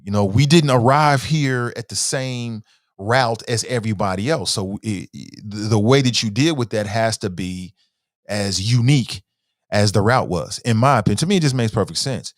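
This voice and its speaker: A man's voice: fairly low pitch, moderate pace, no echo, studio quality. A man hosting a talk show in a casual livestream commentary style, reading viewer comments aloud and often starting with "uh", then stressing words as he argues his points.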